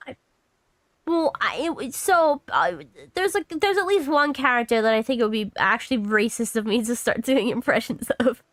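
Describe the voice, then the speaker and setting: A woman in her thirties chatting through a game stream with a high, bright voice, close and dry to the mic. She rambles from thought to thought, talks to herself, and swears freely. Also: normal speed, dry recording. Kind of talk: casual gaming commentary.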